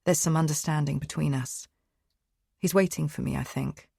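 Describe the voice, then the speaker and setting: A woman narrates a first-person thriller in a tense, hushed, inward way. Her voice sits low and is recorded close and dry in a studio. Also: steady tone, moderate pace, vocal fry, husky, no echo. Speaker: audiobook narrator.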